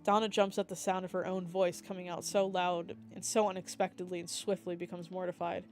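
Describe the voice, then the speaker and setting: A young woman, a streamer, reading the text of a dating game aloud with lively asides and slips. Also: lowish voice, fairly quick, faint music behind.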